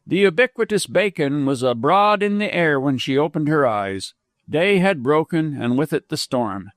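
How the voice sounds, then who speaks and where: A man narrating an audiobook with measured, expressive reading. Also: a little high, no room sound, studio quality. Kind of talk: scripted narration.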